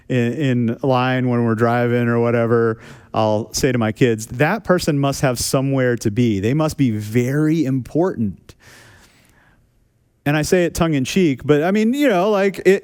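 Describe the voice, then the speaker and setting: A man's voice: medium pitch, a little mellow, smooth. A man preaching a sermon as a pastor, talking casually with self-deprecating humor and repeating phrases for emphasis. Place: church sanctuary.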